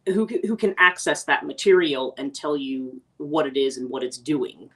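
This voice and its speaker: A woman's voice: rumbling low, moderate pace, a bit bright, distant mic. A woman life coach talking through ideas in a casual livestream, reflective and full of restarts. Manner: reflective, rambling with many restarts.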